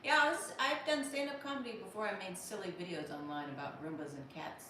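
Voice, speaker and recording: A woman's voice: medium pitch, fast, pushed and bright, recorded from a distance, slight background noise. An American woman in her thirties hosting a casual livestream, joking and thanking viewers by name in a wry tone. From United States. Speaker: livestream host reading viewer comments. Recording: roomy echo from off-mic.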